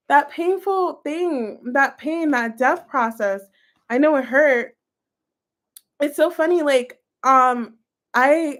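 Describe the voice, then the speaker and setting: High-voiced gushing woman. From United States. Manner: gushing, chatty, full of "like" and "you guys". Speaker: tarot reader. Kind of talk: casual tarot reading to camera.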